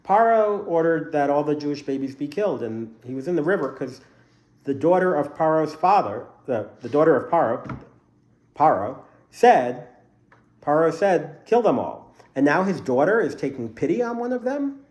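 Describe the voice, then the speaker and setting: A man's voice: a little high, animated, moderate pace, darkish tone. A man teaching a casual Bible study class to a group in a room, explaining the text by asking a string of questions.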